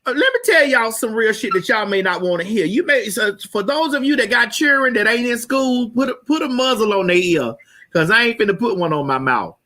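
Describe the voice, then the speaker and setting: A woman hosting a morning show, delivering a loud, profane comedic rant to her viewers and bursting into shouts. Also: a little high, lively intonation, brisk.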